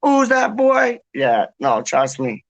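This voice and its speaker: A man hosting a casual fan chat, excitable and sweary, often repeating himself as he recovers from a long illness. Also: sits high, takes it slowly, gravelly, dry recording.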